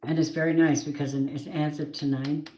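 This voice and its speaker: A woman's voice: deep voice, flat delivery, moderate pace, warm tone. A woman giving a casual tarot card reading, chatty and blunt, swearing now and then. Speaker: tarot reader. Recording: roomy echo, faint noise.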